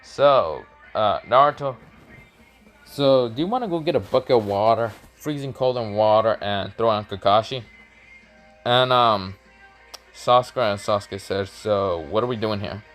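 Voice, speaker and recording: A man telling an improvised fan story in a rambling, halting way, stopping to search for words. Faint music runs behind him. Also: mid-range voice, fairly bright tone. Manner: rambling, halting, many fillers and restarts.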